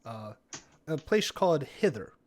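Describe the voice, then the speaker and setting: A man's voice: a little high, very animated, unhurried. A man running a tabletop game on a live stream, rambling casually and swearing freely. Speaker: game master.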